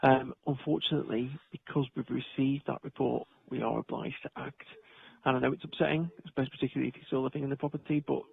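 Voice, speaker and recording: Gravelly housing officer on a phone line. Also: male voice, mid-range voice, fairly even intonation, dry recording. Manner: measured, hesitant, procedural, with many ums and restarts. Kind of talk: phone call with a tenant. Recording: tinny phone line, dry.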